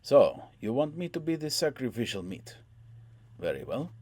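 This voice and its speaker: A man voicing a brash, booming male warrior in an audiobook. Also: sing-song, normal speed, a little mellow, dry recording.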